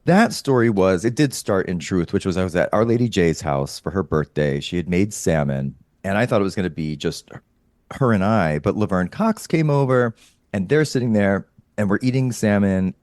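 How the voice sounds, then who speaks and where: A man with a low voice tells stories in casual chat, swinging widely in pitch as he goes. He swears freely and laughs often. The sound is dry and close. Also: expressive, moderate pace, darkish tone, no room sound. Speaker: podcast guest, comedian.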